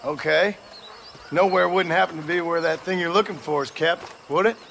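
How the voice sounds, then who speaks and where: An actor playing a gruff, reformed outlaw gunslinger in his thirties with a dry, blunt, menacing manner. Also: high-pitched, normal speed, a bit bright, a little hiss or hum. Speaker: character in a video game. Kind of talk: video game cutscene acting.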